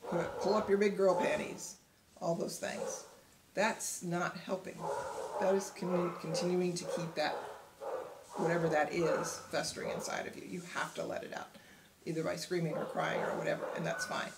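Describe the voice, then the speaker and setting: A woman's voice: lowish voice, flat delivery, moderate pace, creaky, echoey room, very noisy. A woman teaching a book discussion in an earnest, direct, encouraging way, laughing often, recorded at home. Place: home room.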